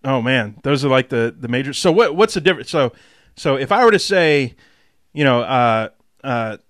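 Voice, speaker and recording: A man's voice: mid-range voice, moderate pace, no echo. American man hosting, dry close sound. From Texas, USA. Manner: animated, jokey, puts on silly voices. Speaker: podcast host. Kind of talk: casual podcast chat.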